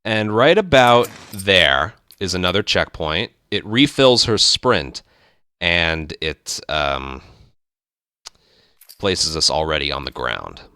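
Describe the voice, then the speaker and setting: Brief: relaxed male gaming host, lowish bright voice, talks viewers through a run step by step. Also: slow, smooth, dry recording, clean studio sound. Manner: relaxed, explaining step by step with fillers. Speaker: speedrun tutorial host. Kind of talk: casual game commentary.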